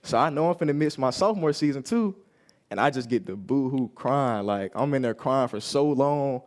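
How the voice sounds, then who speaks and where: A man's voice: medium pitch, animated, normal speed. Young man telling a casual testimony. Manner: casual storytelling, acting out quoted lines. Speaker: youth service speaker. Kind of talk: personal testimony.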